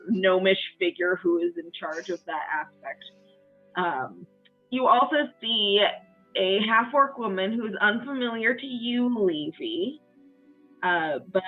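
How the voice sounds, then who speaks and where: A woman narrating as game master in a tabletop game, unhurried with fillers. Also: mid-range voice. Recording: thin phone-like voice chat audio.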